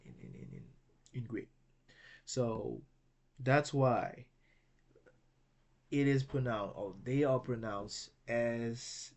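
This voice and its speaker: A man teaching a recorded language lesson who spells words out slowly and patiently, often checking in with "okay?". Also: medium pitch, darkish tone. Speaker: Greek teacher.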